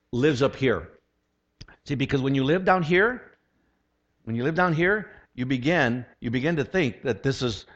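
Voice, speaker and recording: A man in his sixties, a pastor preaching a conversational, humorous sermon full of rhetorical questions. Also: mid-range voice. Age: 60s. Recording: lo-fi dull sound.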